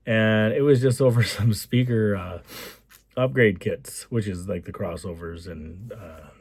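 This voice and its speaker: A man from Alberta, Canada, talks through a casual vlog in a low, rambling voice, full of repeated enthusiastic asides. His voice is recorded close and dry, with no room sound. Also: unhurried, a little mellow, husky, no echo. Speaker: construction company owner.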